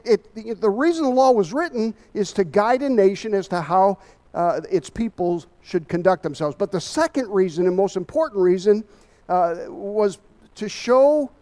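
A man's voice: high-pitched, mellow. A man giving a Bible study sermon, emphatic and a little out of breath, often asking his listeners rhetorical questions.

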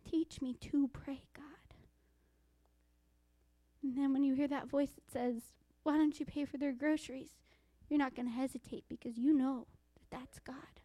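High-voiced woman preaching a sermon. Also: steady tone, no echo. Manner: dramatic hushed whispers for emphasis; quotes scripture in a slow, deliberate voice.

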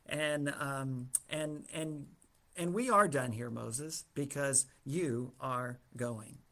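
A man's voice: medium pitch, slow, pushed and bright. A man voicing God in a retold Bible story, speaking firmly and reassuringly. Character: patient, insistent male God.

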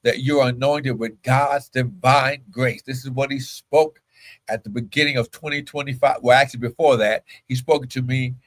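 A male pastor preaching a morning livestream sermon, breaking into loud exclamations and speaking in tongues. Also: medium pitch, steady tone, moderate pace, rough recording.

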